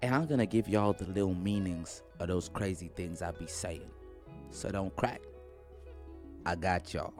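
A man's voice: deep voice, moderate pace, a little mellow, soft background music. A young man vlogging from his bedroom into a studio microphone, joking and rambling in slang with lots of fillers. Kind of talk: casual rambling vlog.

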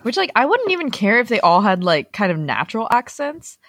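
A young woman co-hosting a casual podcast chat, talking quickly with lots of filler words and animated retellings. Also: on the high side, no room sound, clean studio sound. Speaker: podcast co-host.

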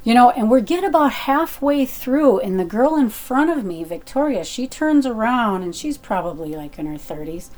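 A middle-aged woman telling a personal story in a chatty, animated way, with fillers and restarts. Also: a little high, normal speed, few pauses.

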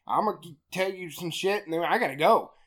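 A woman hosting a podcast, retelling a movie in a crude, profanity-heavy, animated way. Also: on the low side, fairly quick, husky. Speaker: podcast host. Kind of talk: casual comedic movie recap.

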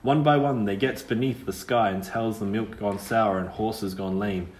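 A man's voice: on the low side, steady tone, moderate pace, a little mellow, echoey room, natural voice. A man voicing a pert, wary young witch girl's ghost who speaks in a rustic country dialect. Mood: bitter storytelling.

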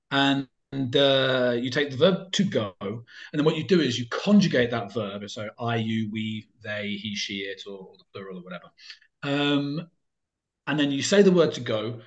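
Man, casual interview guest, rambling, many ums and restarts, average pitch. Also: unhurried, dull audio.

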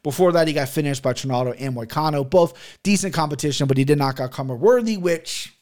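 A young man chatting on his own podcast in a loose, profane, joking way. His voice sits a bit high for a man, and he rambles through stories and betting picks. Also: quick pace, darkish tone. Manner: loose, profane, jokey storytelling. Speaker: podcast host and sports betting picker. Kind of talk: casual solo podcast chat.

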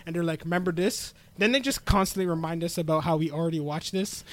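Brief: high-pitched guy, anime podcast co-host, jokey recap voice. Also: fairly even intonation, fast. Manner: laughing, recaps plot with mock voices. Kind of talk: casual chat.

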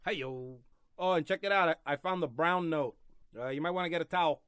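A man's voice: fairly high pitch, fairly quick, clean tone, dry recording, clean studio sound, soft background music. Sarcastic man joking through a podcast monologue. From Mexican-American. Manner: sarcastic, joking, swings from loud to mumbled asides. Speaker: podcast host. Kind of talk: comedic monologue.

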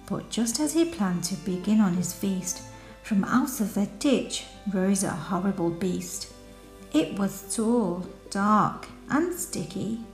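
A woman reading a rhyming children's story aloud, unhurried and rhythmic. Her voice carries through an echoey room with soft music underneath. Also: medium pitch. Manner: slow, rhythmic rhyming delivery.

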